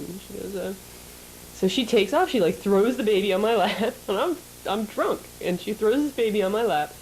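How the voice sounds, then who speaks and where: A woman co-hosting a casual chat show, telling an animated story, laughing often and acting out the people in it. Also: medium pitch, brisk, slight background noise, low-quality recording. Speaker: show co-host.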